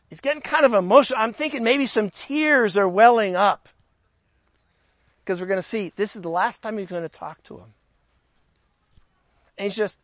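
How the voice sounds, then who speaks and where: A man's voice: high voice, a bit bright, dry recording. A man preaching a sermon, chatting in a conversational way and lifting his voice for emphasis when he reads scripture. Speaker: pastor.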